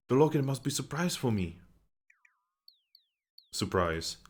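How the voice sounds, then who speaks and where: A man voicing a proud, vain woman mayor in a fantasy game, reading archaic formal lines aloud. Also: mid-range voice.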